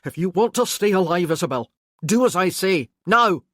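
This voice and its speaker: A narrator voicing a hardened Highland warrior man who gives curt, forceful orders. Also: a little slow, no echo, clean studio sound. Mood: commanding. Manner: curt, commanding.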